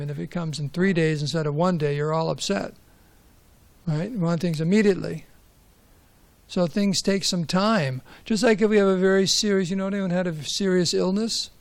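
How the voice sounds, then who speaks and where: A man giving a conversational scripture class, asking rhetorical questions and telling stories. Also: high-pitched. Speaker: class speaker.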